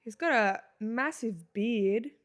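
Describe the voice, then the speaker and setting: Young woman, podcast co-host, playful teasing banter, slightly high pitch. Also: takes it slowly. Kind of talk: casual chat.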